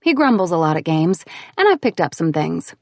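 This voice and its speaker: A woman narrating an audiobook in a lively, expressive way. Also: lowish voice, normal speed, no room sound. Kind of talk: scripted narration.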